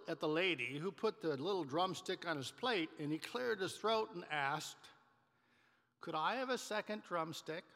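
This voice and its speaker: High-voiced, bright preacher in a church. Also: male voice. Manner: storytelling, measured, with some restarts. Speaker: pastor. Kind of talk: sermon. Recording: reverberant church hall.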